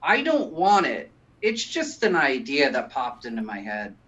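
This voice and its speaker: A man doing stand-up in a mid-range voice, dry and deadpan, dropping absurd one-liners. A faint noise sits under his voice. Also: mid-range voice, a little slow, muffled recording. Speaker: stand-up comic. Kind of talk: stand-up comedy set.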